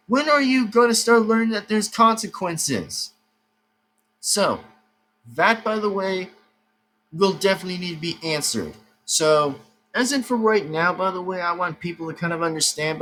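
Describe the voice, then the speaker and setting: Young male YouTuber, slightly high voice, agitated rant, faint hiss behind. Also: sharp tone, low-quality recording. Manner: agitated, repetitive, swearing. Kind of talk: angry rant to camera.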